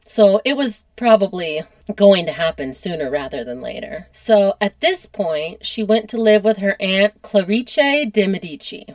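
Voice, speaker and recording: A woman's voice: mid-range voice, animated, unhurried, hardly any pauses, a little mellow, no room sound. An American woman hosting a podcast, telling history in a casual, chatty way and laughing often. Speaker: podcast host.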